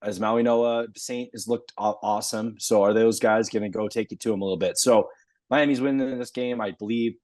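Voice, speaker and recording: A man's voice: lowish voice, steady tone, brisk, a little mellow, dry recording. A man co-hosting a casual sports podcast, a teasing talker who laughs often. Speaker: podcast co-host.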